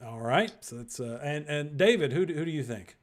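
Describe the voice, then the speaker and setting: A man's voice: on the high side, animated, a little fast. A man hosting a virtual improv show over a video call, loose and rambling with fillers.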